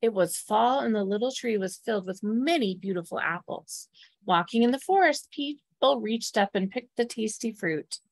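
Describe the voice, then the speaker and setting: Woman reading a kids' storybook, slightly gravelly voice, dry close sound. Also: a little high, normal speed, no room sound. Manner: warm, asks listeners questions. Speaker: temple staff or clergy storyteller. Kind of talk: reading a picture book aloud to children.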